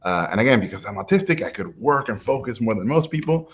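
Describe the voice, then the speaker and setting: A middle-aged man telling a personal story in a lively way, acting out what people said to him, with frequent "uh"s. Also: medium pitch, fast talker, muffled recording. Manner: lively anecdotal, acts out quotes, frequent "uh". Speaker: animation guest speaker.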